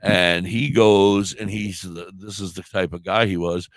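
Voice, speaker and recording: A man's voice: deep voice, fairly even intonation, unhurried, no room sound. A middle-aged man with a sore throat, co-hosting a podcast and telling a long, rambling story with plenty of swearing and self-deprecation. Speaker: podcast co-host. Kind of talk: casual storytelling chat.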